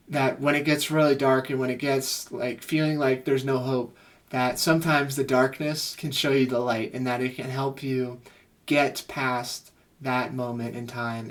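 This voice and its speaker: A man's voice: mid-range voice, flat delivery, unhurried. Earnest, gushing male therapist reacting. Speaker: psychotherapist reacting to music. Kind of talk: reaction commentary.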